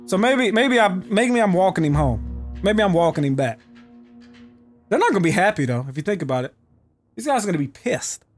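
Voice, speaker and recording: A young man doing let's play commentary, excitable and profane, trash-talking the enemies in his game. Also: high-pitched, brisk, long pauses, faint music behind. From United States. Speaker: gaming YouTuber.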